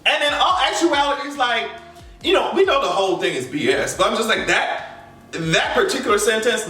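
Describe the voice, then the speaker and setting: A man hosting a casual celebrity gossip vlog, sassy and quick to burst out laughing. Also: extremely high pitch, expressive, pushed and bright, echoey room, distant mic, soft background music. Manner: sassy, laughs often, exaggerated asides. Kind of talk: casual pop-culture commentary.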